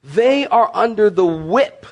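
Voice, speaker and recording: A man's voice: high-pitched, expressive, slow. A male pastor preaching a sermon, repeating key phrases and calling on the congregation to respond. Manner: calls on listeners to respond and mark their bibles.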